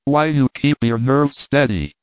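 An unseen invisible man gives clipped, insistent orders, his impatience only just under control, as a man puts him on. The mid-pitched voice sits in a dry, tinny, phone-like sound. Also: a little slow, no echo, close to an everyday voice. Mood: scornful.

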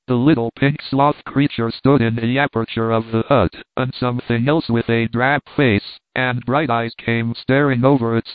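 A male audiobook narrator reads a scripted story in a steady, measured voice of middling pitch. The recording is tinny and phone-like, dry and close, with no room sound.

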